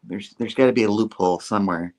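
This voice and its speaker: A man's voice: lowish voice, fast, darkish tone, close to an everyday voice. A man voicing an anxious, earnest young male hero in a hesitant, stammering way.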